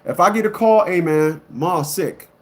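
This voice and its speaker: A man giving a blunt, emphatic monologue to a live audience as an online commentator. He repeats himself often and swings between loud outbursts and low muttering. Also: unhurried.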